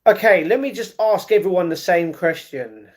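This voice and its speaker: A man live-streaming who reads his viewers' chat aloud and argues back, with excited reactions to a fight he is watching. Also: sits high, moderate pace. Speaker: livestreamer. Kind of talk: casual livestream chat.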